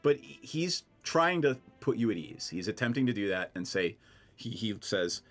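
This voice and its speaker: A man running a tabletop game as game master, narrating in a relaxed way with fillers. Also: lowish voice, moderate pace, soft background music.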